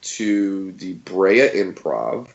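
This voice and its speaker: A man's voice: sits low, sing-song, very slow, gravelly, roomy sound, highs cut off. A man in his thirties, a comedian guest telling stories in a casual interview and acting out quotes in funny voices.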